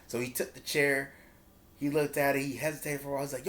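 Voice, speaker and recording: A man casually recapping a wrestling event, telling it in an animated way and acting out what the wrestlers said in slang. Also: on the high side, quick pace. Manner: animated storytelling, acts out quotes in slang. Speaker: wrestling reviewer.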